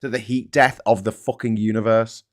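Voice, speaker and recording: A British man hosting a livestream, ranting angrily about politics and swearing a lot, swinging between loud outbursts and low mumbles. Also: steady tone, normal speed. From Britain. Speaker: livestream host.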